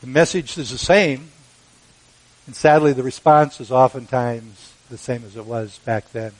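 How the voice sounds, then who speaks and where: A man preaching a sermon, measured and emphatic, with dramatic pauses. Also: medium pitch, steady tone, poor audio. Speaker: pastor.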